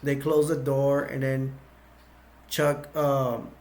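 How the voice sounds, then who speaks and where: A man's voice: medium pitch, monotone, slow pace, darkish tone. A man casually retelling a movie's plot in a rambling way, full of fillers and restarts. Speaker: movie reviewer.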